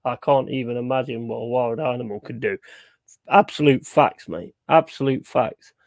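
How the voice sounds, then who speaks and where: A young man chatting on a live stream in a gravelly voice. He is blunt and sweary, hammering his points home by repeating them, and the sound is close and dry. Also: mid-range voice, normal speed, a little mellow, dry recording. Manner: blunt, sweary, emphatic repetition. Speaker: streamer hosting a football watchalong. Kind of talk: casual live-stream chat.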